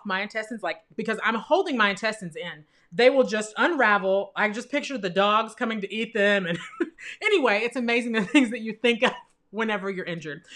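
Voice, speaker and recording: Young woman spinning a true story, bright voice, laughs a lot, does all the voices. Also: medium pitch. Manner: animated, laughs through the telling; acts out quoted voices in her story. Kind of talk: personal storytelling.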